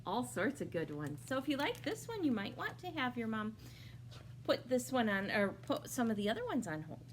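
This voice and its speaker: A woman librarian reading a picture book aloud at a preschool storytime, pausing to ask the young listeners questions. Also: fairly high pitch, big pitch swings, slight background noise. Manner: slow, sing-song, asks young listeners questions. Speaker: children's librarian.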